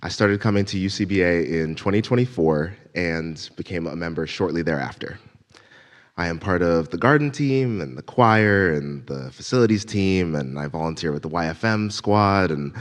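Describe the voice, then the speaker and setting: A man delivering the Sunday message at church in a relaxed, self-deprecating way, improvising with gentle humor. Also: deep voice, moderate pace. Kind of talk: informal sermon. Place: church sanctuary.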